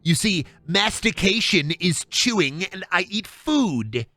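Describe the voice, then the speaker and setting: A man voicing a nerdy know-it-all schoolboy who talks in a slow, pedantic, nasal way. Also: high-pitched, very animated, pushed and bright, dry recording, voice pushed up, full character voice. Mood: smug.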